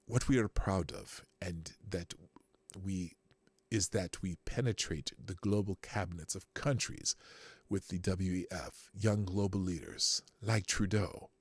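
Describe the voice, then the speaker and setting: A man's voice: low voice, unhurried, slightly rough, no echo, pitched below the performer's own voice. A man putting on an impression of an older, boastful male business leader with a German accent.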